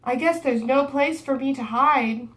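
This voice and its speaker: A woman reading a polite, gentle storybook dinosaur. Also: high voice, a little slow, pitched above the performer's own voice. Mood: rueful. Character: friendly, polite, good-natured dinosaur.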